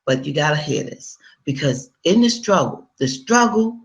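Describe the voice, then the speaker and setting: A woman's voice: low voice, animated, normal speed. Woman sharing her life story, chatty, talks right to the crowd, acts out what she said back then. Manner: conversational storyteller, addresses listeners directly; acts out her own past dialogue. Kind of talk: personal testimony talk.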